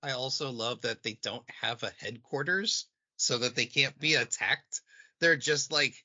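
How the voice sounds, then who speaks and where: A man's voice: mid-range voice, measured pace, bright, forceful tone, dull audio. A man co-hosting a podcast, chatting casually and laughing mid-sentence. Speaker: podcast co-host. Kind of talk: casual chat.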